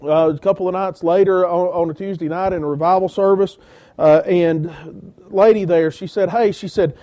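Male preacher, sermon storytelling, high-pitched but warm and mellow. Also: steady tone, moderate pace. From Georgia. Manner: storytelling with many quoted exchanges, rising intensity when quoting others. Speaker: church-planting preacher. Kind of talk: sermon testimony.

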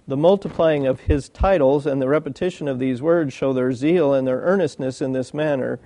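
A man delivering a sermon, moving between reading old commentary and asking his hearers questions. His voice is gravelly and warm, pitched a little high. The sound is dry and close. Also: no echo. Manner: reads old commentary aloud, breaks off to ask the listeners questions. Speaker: preacher.

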